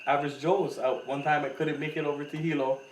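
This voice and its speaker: A man's voice: a little high, fast. A man from Hawaii, co-hosting a podcast and telling a story in casual chat, acting out what others said. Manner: animated storyteller, acts out quotes with loud laughing voices. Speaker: podcast co-host. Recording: echoey room, mic at a distance, faint noise.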